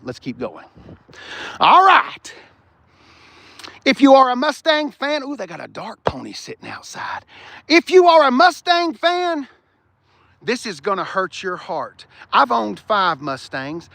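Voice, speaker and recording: Profane ranting man, animated. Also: high voice, no echo. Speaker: car reviewer host. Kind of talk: casual walk-around car review.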